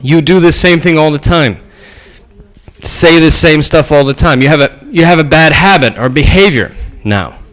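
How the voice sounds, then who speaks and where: A male preacher giving a storytelling sermon, animated and acting out the voices in his stories. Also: fairly high pitch, normal speed, low-quality recording.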